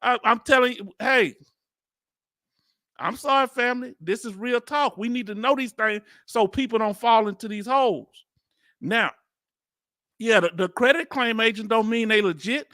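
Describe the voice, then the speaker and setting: A man's voice: very high-pitched, normal speed, sharp tone, no echo, clean studio sound. A man with a Southern accent hosting a reaction video, talking in casual slang, incredulous and laughing often. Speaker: video host reacting to a hearing.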